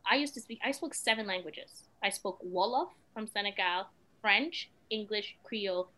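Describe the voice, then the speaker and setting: A young woman from West Africa, a mother talking as a guest in a casual, expressive interview. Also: mid-range voice, moderate pace, poor audio. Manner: animated and expressive, with frequent "you know what I mean".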